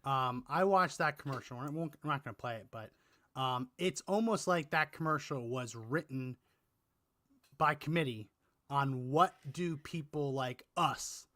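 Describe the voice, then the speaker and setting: A man's voice: medium pitch, measured pace, sharp tone, no echo, studio quality. A man hosting a casual political chat show, meandering and restarting his sentences with the odd chuckle. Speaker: podcast co-host.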